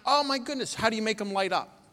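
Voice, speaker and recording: A man leading a children's sermon in church, playful and animated, asking the kids lots of questions. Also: high voice, fast. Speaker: pastor giving children's sermon. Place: church sanctuary. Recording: reverberant church hall.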